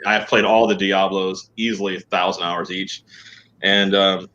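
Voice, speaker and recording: A middle-aged man guests on a casual podcast, his low voice carrying a bright, forceful edge. He rambles, trips over his own restarts and pokes fun at himself. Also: level tone, a little slow, dull audio. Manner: rambling, self-deprecating, frequent restarts.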